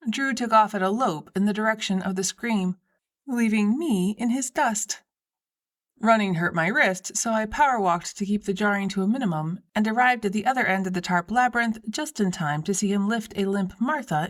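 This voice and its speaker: A woman's voice: medium pitch, normal speed. Woman narrating an audiobook with wry storytelling. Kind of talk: scripted first-person narration.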